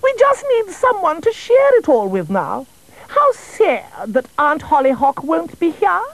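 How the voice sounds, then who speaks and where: A man voicing a flustered, fretful storybook queen in a high, drawn-out falsetto. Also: wildly swooping pitch, gravelly, dry recording, full character voice.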